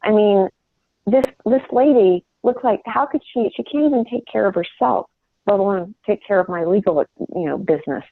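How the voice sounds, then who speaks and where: A woman's voice: medium pitch, normal speed, creaky, no room sound. Middle-aged woman, sales trainer, earnest and rambling with restarts, heard on a tinny phone line. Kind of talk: coaching call on sales. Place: home.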